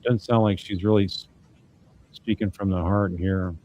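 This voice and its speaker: A man's voice: low voice, steady tone, moderate pace, a little mellow, a little hiss or hum. A man commenting as an attorney on trial evidence, talking in a casual, wry, conversational way as he reads out messages and reacts.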